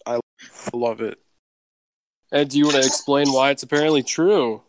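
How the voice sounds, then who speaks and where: A man's voice: mid-range voice, moderate pace, dry recording. A man hosting a casual group chat on a call, joking and steering the talk. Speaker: podcast host.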